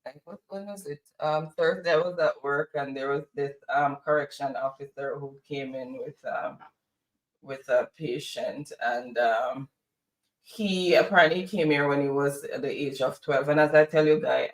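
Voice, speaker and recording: A man from Jamaica with a Jamaican accent, co-hosting a casual chat and telling stories with lively retellings. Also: on the high side, moderate pace. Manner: chatty storyteller, mimics others. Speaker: co-host. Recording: roomy, distant from mic.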